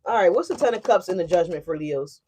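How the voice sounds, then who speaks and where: A woman giving a casual tarot reading to her viewers, animated and emphatic. She often checks in with "right?" and swears freely. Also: on the low side, quick pace, background noise. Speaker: tarot reader.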